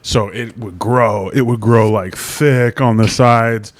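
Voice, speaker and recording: A man's voice: lowish voice, fairly even intonation, slow, dry recording. A man in his forties co-hosting a casual podcast, laid-back and dry in his replies. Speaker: podcast co-host. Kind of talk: casual comedic chat.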